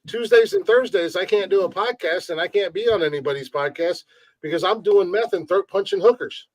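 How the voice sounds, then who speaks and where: Dude with a high bouncy voice, loud crude podcast banter, dry close mic. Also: male voice, fairly quick, no echo. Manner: loud, boastful, laughing. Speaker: podcast host.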